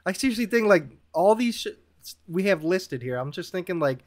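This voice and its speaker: A man's voice: sits high, expressive, normal speed. A man hosting a podcast, chatting in a laid-back way and calling others dude and man. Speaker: podcast host. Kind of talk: casual podcast chat.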